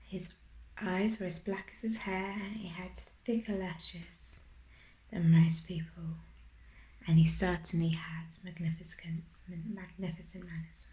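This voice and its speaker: Hushed woman reading in a roomy echo. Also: on the low side, steady tone, measured pace. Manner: whispered, hushed, gentle. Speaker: ASMR storyteller. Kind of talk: soft-spoken ASMR reading.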